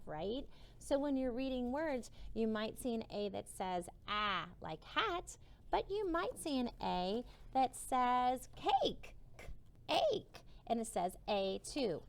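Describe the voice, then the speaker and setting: A woman teacher giving a slow phonics lesson to young children, sounding out each vowel and gently encouraging them. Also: on the high side, creaky, a little hiss or hum. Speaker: kindergarten teacher.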